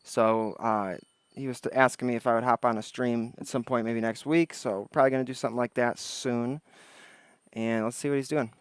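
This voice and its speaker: Hosting a casual outdoor livestream, this man chats with viewers, greets the chat, rambles and thinks aloud. His medium-pitched voice has fairly even intonation, a fairly quick pace and a clean tone. The desk-microphone recording is studio quality with no room sound.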